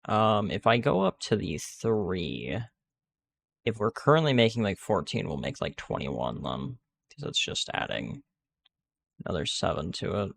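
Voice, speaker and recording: A man's voice: sits low, very animated, a little slow, gravelly, slightly rough, no room sound. A man giving casual gameplay commentary, rambling and restarting sentences with many fillers. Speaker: gaming video creator.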